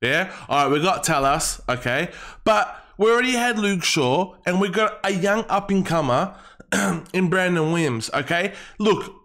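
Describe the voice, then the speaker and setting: A man's voice: sits high, fairly bright tone. A young man venting as a football fan vlogger, heated and emphatic, swearing hard and repeating himself. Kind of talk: angry fan rant to camera.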